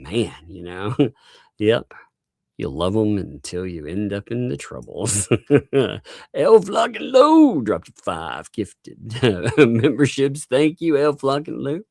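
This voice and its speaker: A man's voice: deep voice, creaky, a little mellow, dry recording, clean studio sound. A male livestream host in casual chat, reading out viewer donations and laughing constantly between remarks.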